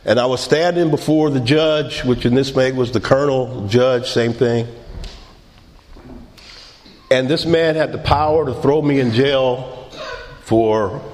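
A middle-aged man telling his own recovery story in an unhurried, wry way, laughing quietly at himself. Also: medium pitch, long reverb tail, a little hiss or hum. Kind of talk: personal recovery testimony.

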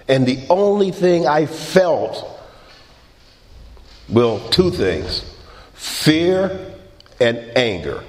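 Slow-talking wry middle-aged man in a hall. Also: on the high side, sing-song. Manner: unhurried, wry, self-mocking with quiet laughs. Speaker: speaker sharing his recovery story. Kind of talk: personal recovery testimony.

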